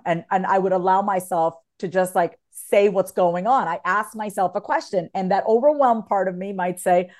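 A woman's voice: mid-range voice, normal speed, hardly any pauses, a little mellow. A woman from the United States, a guest on a podcast, talking frankly and with energy and swearing casually.

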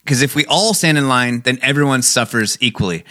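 A man's voice: medium pitch, fairly quick, sharp tone, no room sound, studio quality. A man co-hosting a podcast, ranting in casual, profane, incredulous chat. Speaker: podcast co-host.

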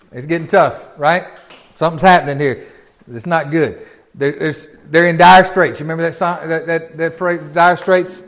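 A man's voice: fairly high pitch, fairly even intonation, normal speed, a bit bright. A man teaching from the Bible in a sermon. He talks in a folksy, conversational way and asks the congregation lots of rhetorical questions. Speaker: pastor.

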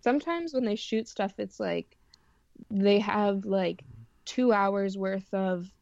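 A woman's voice: mid-range voice, slow, vocal fry, a little mellow, no room sound, dull audio. A woman from Canada co-hosting a casual talk show, chatting loosely with plenty of fillers. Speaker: co-host.

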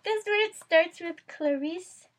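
A woman's voice: very high voice, measured pace, very noisy. A young woman co-hosting a podcast, giggly and dry in casual chat. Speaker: podcast co-host.

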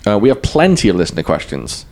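Male podcast co-host, animated pitch, chatty and laughing, casual talk. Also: fast. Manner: chatty, laughs easily, lively delivery. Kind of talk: casual chat.

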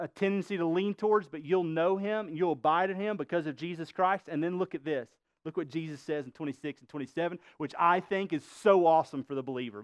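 A man's voice: fairly high pitch, clear, resonant tone, no echo, highs cut off. A male pastor preaching a sermon, emphatic, quizzing the congregation with rhetorical questions.

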